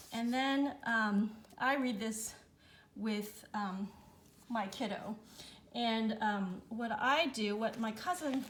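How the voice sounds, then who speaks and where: A woman reviewing children's learning books for her child, talking in a relaxed way with frequent fillers and demonstrating sounds. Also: on the high side, background noise. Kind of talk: casual instructional review.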